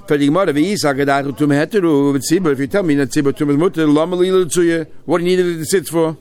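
A man's voice: a little high, fast talker, a little mellow, clean tone. Man teaching a Talmud lesson. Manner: reads a text aloud and explains it line by line, with frequent restarts. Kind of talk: Talmud lesson, mixing Hebrew-Aramaic terms and English.

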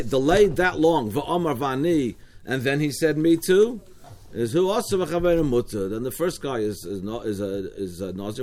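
A man's voice: medium pitch, a little mellow. A man with an Australian accent teaching a Talmud study class, explaining step by step with frequent restarts and asides.

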